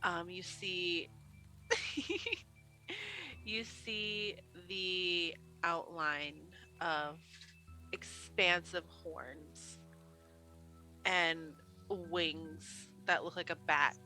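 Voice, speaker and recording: Slow, bright-voiced woman narrating. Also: fairly low pitch, steady tone, faint music behind, rough recording. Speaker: game master. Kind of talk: narrating a tabletop role-playing game.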